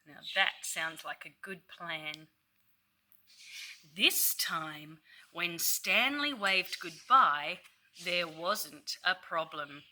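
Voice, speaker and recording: Female children's storyteller: unhurried, clear, teacherly read-aloud with interactive pauses. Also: lowish voice, bright, forceful tone. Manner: slow, clear and teacherly, pausing for clapping syllables and questions. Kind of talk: reading a picture book aloud to children.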